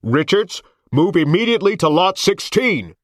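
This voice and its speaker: A man voicing a police officer giving commands over a loudspeaker in an audiobook. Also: high-pitched, big pitch swings, moderate pace, dry recording, clean studio sound, voice pushed up. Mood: commanding. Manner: commanding, barked orders. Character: booming amplified male police loudspeaker voice. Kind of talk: audiobook character voice.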